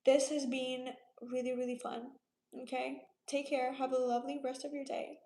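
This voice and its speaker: Late-20s woman from Romania, livestream host, high-pitched and relaxed, roomy echo. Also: normal speed. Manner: laid-back, chatty, reads comments aloud and answers them. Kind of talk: casual livestream chat reading viewer comments.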